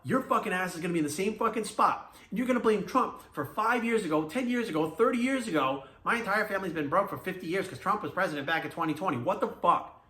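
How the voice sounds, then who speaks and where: A man's voice: high voice, a bit bright, echoey room. A middle-aged man and fitness coach, ranting to camera in a blunt, angry, profane lecture.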